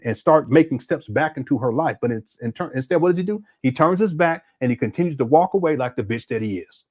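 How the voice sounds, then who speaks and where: Male livestream host, slightly high voice, animated delivery, emphatic and repetitive. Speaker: host of a live commentary show. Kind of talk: livestream commentary.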